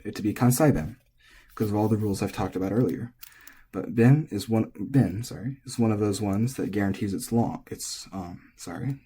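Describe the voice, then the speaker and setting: Relaxed male teacher with a low, mellow voice, explaining casually and correcting himself mid-thought. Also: slightly rough. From United States. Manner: relaxed, thinking aloud, self-correcting. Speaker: language teacher.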